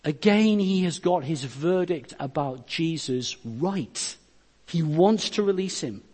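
A man's voice: fairly high pitch, lively intonation, takes it slowly, darkish tone. A man preaching a sermon, reading scripture verses aloud and explaining them, his delivery rising and dropping in force. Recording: long reverb of a hall.

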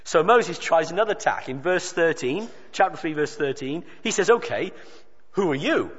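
A man's voice: fairly high pitch, expressive, slightly rough. Man preaching in an echoing hall. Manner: emphatic, with dramatic pauses and quoted dialogue. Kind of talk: sermon. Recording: dull sound with long reverb of a hall.

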